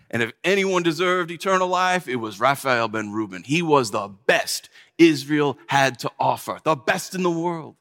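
Man, bright high voice, lively first-person sermon in character, playful and chatty, long hall reverb. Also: moderate pace. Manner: animated storytelling in character as a disciple, playful and chatty. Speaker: preacher.

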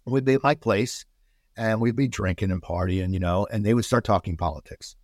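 Brief: middle-aged man, animated guest storyteller, dry close sound. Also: on the low side, a little fast, no room sound. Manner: animated storyteller, restarts a lot. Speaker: podcast guest. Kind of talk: casual podcast chat.

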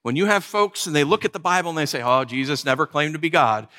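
A man preaching with a bright, fairly high voice that climbs and dips all over as he acts out the people in his story. His sermon rings with a long hall reverb, giving the sense of a big church sanctuary. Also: fast. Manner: animated, conversational preaching with acted-out quotes. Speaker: pastor.

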